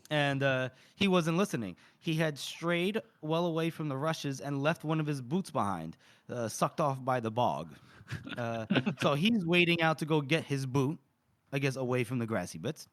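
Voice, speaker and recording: A man with a fairly high voice co-hosts a casual podcast about a book. He walks through a scene in a loose, chatty way, laughing along as he goes. He slips into quick, raised voices whenever he quotes the characters. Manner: laughs often while retelling scenes. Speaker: podcast co-host.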